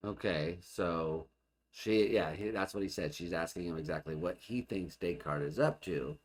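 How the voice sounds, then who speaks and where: A man's voice: sits low, normal speed. A man hosting a casual reaction, thinking aloud and puzzling over what he hears. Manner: muses aloud, questioning and puzzling over points. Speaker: host reacting to an archive video.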